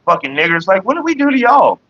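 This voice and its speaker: A man rants on a casual livestream, blunt and full of profanity as he talks straight to his viewers. His voice sits a little high and sharp against a dry, close sound. The mic is a bit dull and lo-fi. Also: very animated, fast, no echo. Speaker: livestream host.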